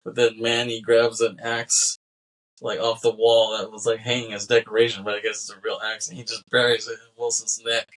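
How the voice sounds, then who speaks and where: In poor audio, a male podcast co-host rambles through a film recap scene by scene, acting out the characters' lines and laughing between them. His mid-range, fairly bright voice is delivered flatly and fairly quickly.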